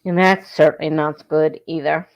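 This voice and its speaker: The audio is poor as this East Coast woman hosts her writing-sprint livestream in a deep, steady voice at normal speed. Her talk is casual and rambling, with self-corrections creeping in as she grows drowsy.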